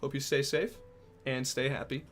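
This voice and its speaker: A young man streaming casually, reading out and answering chat messages, joking and swearing with sudden loud outbursts. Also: mid-range voice, flat delivery, normal speed, soft background music.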